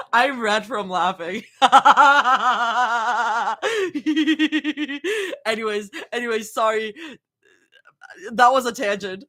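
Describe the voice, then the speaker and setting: On a livestream, a young woman streamer reads fanfiction aloud in a slightly high, bright, pushed voice. She reacts as she goes, frequently giggling and chatting with viewers.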